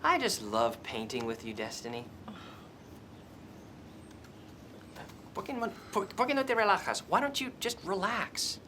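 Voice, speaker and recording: A man's voice: high voice, very animated, a little fast, background noise. A man playing a pushy, meddling painting companion in a comic TV sketch, coaxing and bossy. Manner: bossy, cajoling. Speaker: sketch character.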